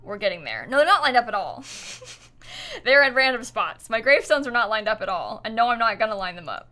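A woman's voice: fairly high pitch, lively intonation, a little fast, sharp tone. A young woman in her twenties chatting casually while streaming a building game, telling stories with lots of giggles. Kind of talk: casual livestream chat while gaming.

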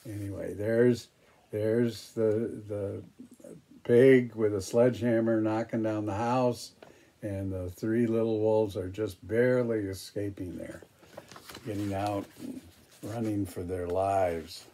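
A man reading a picture book aloud, pausing for chatty, hesitant asides about the pictures. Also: on the low side, fairly even intonation, mellow, slight background noise. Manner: hesitant, with fillers and restarts. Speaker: storybook reader.

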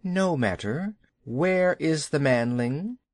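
A man voicing a huge old male python in a children's audiobook, drawing out his words in a slow hiss. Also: fairly high pitch, lively intonation, no room sound, studio quality, pitched above the performer's own voice. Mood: amused. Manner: slow, drawn-out hissing speech.

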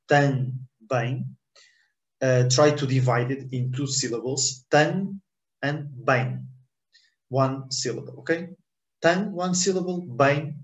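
A man's voice: mid-range voice, roomy sound, low-quality recording. A man teaching a language lesson in English, repeating words and checking understanding with "ok?".

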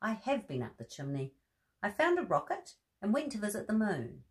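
A woman voicing a small, curious male bear cub in a bedtime storybook, speaking in a high childlike voice. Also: wildly swooping pitch, moderate pace, darkish tone. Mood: matter-of-fact.

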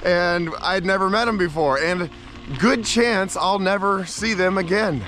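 A man's voice: high voice, measured pace, pushed and bright. A man chatting upbeat and casual to camera outdoors on a bike trip, laughing often. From United States. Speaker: bikepacking vlogger. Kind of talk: casual travel vlog to camera. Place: outdoors on country roads.

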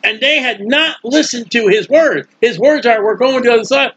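A man preaching a casual, animated sermon, acting out the voices in his stories in colloquial speech. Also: very high voice, normal speed, hardly any pauses, husky, dull audio. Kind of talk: sermon with acted-out scenes.

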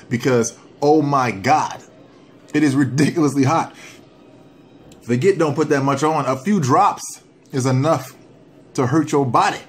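A man doing a casual hot sauce challenge vlog at home, animated and joking while his mouth burns from the sauce. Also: mid-range voice, slight background noise. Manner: animated, joking, breaks into whoops and coughs. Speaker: vlogger.

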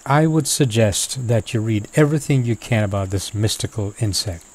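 A man narrating his own nature video in a reflective, unhurried voice-over, musing aloud and now and then talking to his subject. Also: lowish voice, a little mellow.

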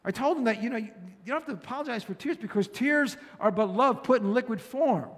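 A man's voice: very high-pitched, fast talker, big-room sound. A male pastor giving an earnest, conversational sermon, often repeating phrases for emphasis.

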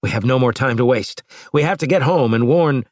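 Resolute starship captain pressing hard, as a male narrator puts him on, raised pitch, lively, dry close sound. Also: a little fast, no room sound, natural voice. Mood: urgent. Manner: urgent and insistent.

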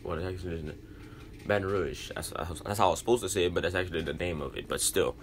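A man's voice: low voice, fast talker, slight background noise. A young man reacting to a video and rambling casually to his viewers as a vlogger. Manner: loose, rambling, apologetic asides. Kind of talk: casual vlog talk.

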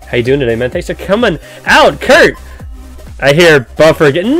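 A man hosting a casual live game stream from his home setup, upbeat and chatty as he greets viewers one by one. His voice sits a little high and swings widely in pitch. He explains things with plenty of "um"s, and faint music plays behind him. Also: big pitch swings, fairly quick, fairly bright tone. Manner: frequent "um" fillers while explaining.

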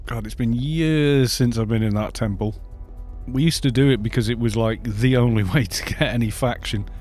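A man's voice: mid-range voice, normal speed, darkish tone, soft background music. A man talks loosely over his gameplay, wandering from story to story. He cracks himself up often and keeps an easy, unscripted chat going into a desk microphone. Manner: rambling and jokey, laughs often. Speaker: gaming streamer. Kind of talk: casual live-stream chat while playing.

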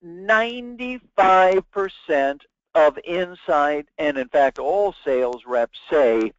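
A man's voice: on the high side, lively intonation, slow, dry recording. A man giving a webinar lecture as a sales trainer, talking emphatically and acting out sample phone calls. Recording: dull, dry lo-fi webinar audio.

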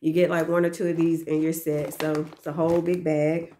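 Woman, young adult, lowish pitch, casual chatty haul talk, gushing, repetitive, faint background hiss. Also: flat delivery, brisk, warm tone. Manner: chatty and gushing, repeats herself, talks to viewers as y'all. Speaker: daycare teacher. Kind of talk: casual gift haul chat to camera.

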